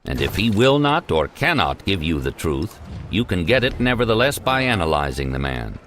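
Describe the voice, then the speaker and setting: A man reading an old self-help text aloud in a measured, emphatic narration. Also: low voice, sing-song, fairly bright tone, a little hiss or hum.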